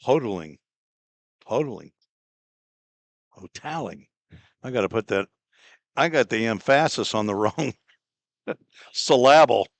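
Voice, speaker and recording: A man doing relaxed, chatty play-by-play commentary on a baseball game, with easygoing asides between pitches. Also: normal speed, gravelly, long pauses, no echo. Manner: relaxed, chatty, laughs at own slips. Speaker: play-by-play announcer.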